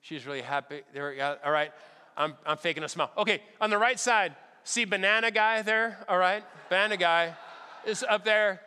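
A man telling a story during a sermon, animated and lively, acting out the lines of the people in his story. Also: high voice, normal speed, smooth. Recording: long hall reverb.

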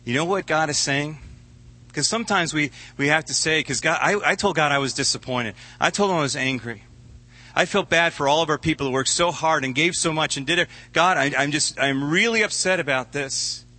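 A man's voice: on the high side, brisk, pushed and bright. A man pastor preaching a sermon in an earnest, conversational way, often repeating words as he goes.

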